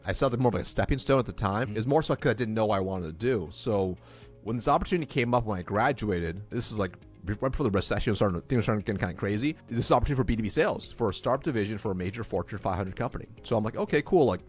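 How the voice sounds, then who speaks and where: A man in his thirties, a sales coach and podcast guest, telling a story in an animated way and acting out the dialogue. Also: on the low side, racing, soft background music. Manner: acts out dialogue, excitable.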